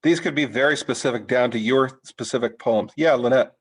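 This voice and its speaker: A middle-aged man leads a writing workshop in a loose, unscripted way. His voice sits at an ordinary middle pitch, and he stops and restarts often, filling the gaps with fillers. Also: slightly rough, poor audio. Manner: halting, many restarts and fillers. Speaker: writing teacher. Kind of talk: informal workshop talk.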